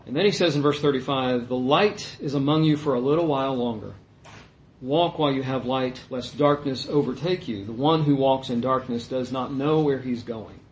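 A man preaching a sermon in a conversational, animated way, often acting out the voices of people in the passage. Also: medium pitch, normal speed, reverberant.

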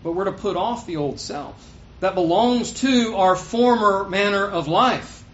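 A man preaching a sermon, swinging between loud, stressed points and quiet asides, on a dull lo-fi recording. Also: sits high, expressive, a little slow.

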